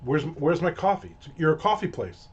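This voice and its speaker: A man's voice: on the high side, lively intonation, moderate pace, slightly rough. A man hosting a casual ranting monologue, telling a story in a profane, exasperated way. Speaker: host. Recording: dull lo-fi audio.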